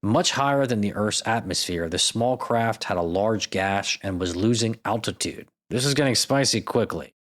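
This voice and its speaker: A man's voice: lowish voice, expressive, normal speed, few pauses, a bit bright. A man hosting a podcast, reading out stories with irreverent, profane, jokey asides. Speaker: podcast host. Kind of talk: comedic podcast narration.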